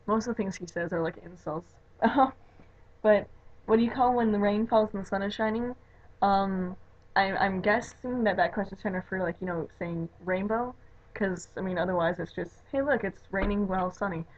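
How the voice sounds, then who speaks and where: Speaking at a moderate pace in a medium-pitched voice, this Chicago-accented vlogger from the Chicago area, USA, talks casually in a home video. She wanders from point to point, leaning on "like" and "you know," all captured in muffled, lo-fi webcam sound.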